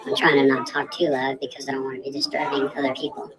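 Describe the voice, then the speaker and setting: A man's voice: mid-range voice, monotone. Hesitant man in a noisy restaurant. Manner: slow, hesitant, filler-heavy. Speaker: live streamer. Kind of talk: casual live stream chat. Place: busy restaurant. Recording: loud restaurant crowd behind.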